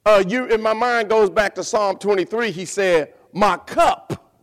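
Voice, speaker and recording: A male pastor preaching a sermon, animated, repeating words and calling for responses from the congregation. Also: sits high, measured pace.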